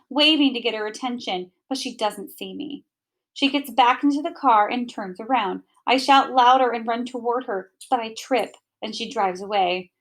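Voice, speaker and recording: Woman reading a children's storybook aloud. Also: a little high. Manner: gentle, expressive first-person narration. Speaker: storybook reader.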